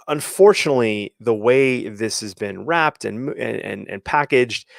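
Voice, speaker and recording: A man's voice: mid-range voice, gravelly, no echo, clean studio sound. A man hosting a sports coaching show, giving emphatic opinions with many restarts and quoted asides. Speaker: podcast host and athletic coach. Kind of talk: opinionated solo commentary.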